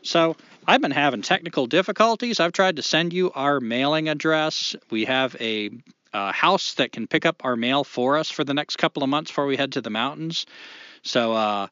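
A man's voice: fairly high pitch, normal speed, no room sound, muffled recording. A man in his forties co-hosting a podcast, chatting casually in a rambling way with lots of fillers. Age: 40s. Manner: rambling, animated, many fillers. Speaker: podcast co-host.

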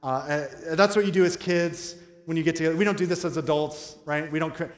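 A man's voice: on the high side, brisk, few pauses. A man in his thirties preaching a sermon in a conversational, joking way, asking the congregation questions. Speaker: pastor. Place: large church hall. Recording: roomy hall with long reverb.

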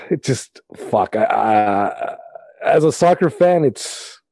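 A man co-hosting a podcast, explaining in a measured, thoughtful way. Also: on the low side, animated, vocal fry, a little mellow, no room sound, rough recording. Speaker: podcast co-host. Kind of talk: casual chat.

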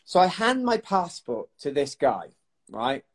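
A middle-aged man from the United Kingdom, a retired athlete telling stories in a chatty, animated way in an interview, laughing now and then. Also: on the high side, unhurried. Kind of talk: casual storytelling interview.

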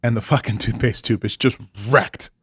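A man's voice: medium pitch, steady tone, moderate pace, fairly bright tone, breathy edge, no echo, studio quality. A man co-hosting a podcast, telling a story in casual chat with lots of swearing and exasperation. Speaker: podcast co-host.

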